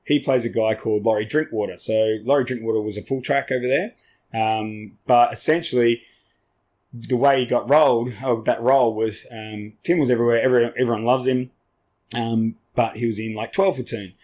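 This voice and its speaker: A man's voice: mid-range voice, steady tone, fairly quick, darkish tone. A middle-aged Australian man, a podcast guest and army veteran, telling stories in casual chat, swearing freely and acting out the people in them.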